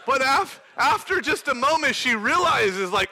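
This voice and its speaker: A young man preaching, telling a personal testimony in an animated, storytelling manner that breaks into shouting. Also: very high-pitched, unhurried. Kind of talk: sermon testimony.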